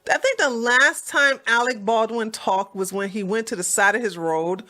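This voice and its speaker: A woman hosting a reaction commentary, talking in a sassy, mocking, animated way. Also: fairly high pitch, normal speed. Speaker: commentary host.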